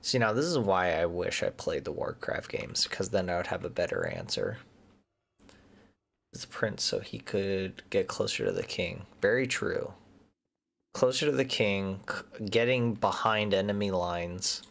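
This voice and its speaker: A man chats through a game session, thinking out loud and now and then muttering nervously. His voice sits fairly low, with a gravelly rasp, and his pitch swings widely as he talks. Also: big pitch swings, unhurried. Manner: chatty, thinks aloud, mutters nervously under his breath. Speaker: gaming streamer. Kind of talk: casual commentary while playing a game.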